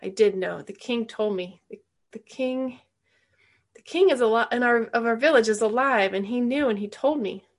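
A woman reading the lines of an earnest, guilt-ridden young man in a novel, in a pleading, halting way. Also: a little high.

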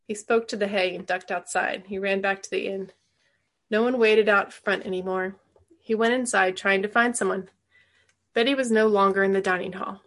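A woman's voice: mid-range voice, fairly even intonation, a bit bright. Woman reading a novel aloud. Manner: pauses to explain the text to a listener. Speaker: reader.

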